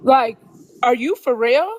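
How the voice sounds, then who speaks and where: A woman's voice: sits high, animated, slow pace, a little mellow. A woman co-hosting a live stream, blunt and sassy in casual chat.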